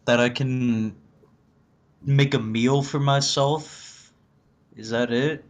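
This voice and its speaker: A man's voice: mid-range voice, fairly even intonation, takes it slowly. Eager man playing a tabletop game. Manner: eager, thinks aloud with fillers. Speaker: player. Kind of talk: casual tabletop game chat.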